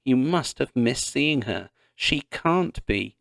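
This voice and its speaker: A man reading the part of a frantic pioneer father who shouts for his lost daughter. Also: medium pitch, lively intonation, slow, gravelly, no room sound, studio quality, full character voice. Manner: insistent, shouting.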